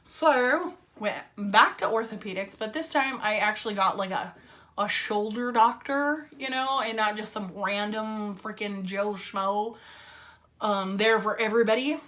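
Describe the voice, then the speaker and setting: A woman's voice: mid-range voice, a little slow, a bit bright. A woman telling a casual story-time vlog in a chatty, filler-heavy way, with wry sarcasm. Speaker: vlogger.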